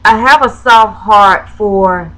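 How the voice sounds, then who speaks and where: A crafting vlogger from Florida tells a personal story, nearly in tears, hesitating often with ums and self-corrections. Her voice is medium-pitched, slow, and a little bright, and the audio quality is poor.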